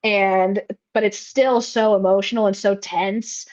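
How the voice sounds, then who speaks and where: A woman's voice: medium pitch, steady tone, a little slow, a little mellow, lo-fi sound. A woman co-hosting a film podcast, chatting casually with many fillers and restarts. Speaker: podcast co-host. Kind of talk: casual chat recapping a film.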